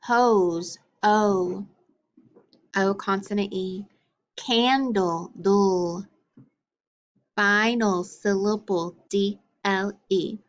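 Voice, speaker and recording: Slow-paced patient phonics teacher woman. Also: medium pitch, steady tone, dull audio. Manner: patient, encouraging, drilling sounds and letters. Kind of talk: phonics lesson for children.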